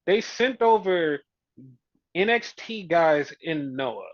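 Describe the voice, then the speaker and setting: A man's voice: a little high, expressive, moderate pace, no echo, muffled recording. A man co-hosting a podcast, ranting heatedly and profanely, often mimicking fans. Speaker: podcast co-host. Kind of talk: casual opinion rant.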